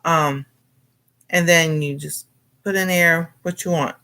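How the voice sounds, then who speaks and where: A woman's voice: deep voice, steady tone, takes it slowly, pushed and bright. A middle-aged woman chatting casually and rambling to viewers on a cooking livestream, greeting them and laughing often. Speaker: cooking channel host.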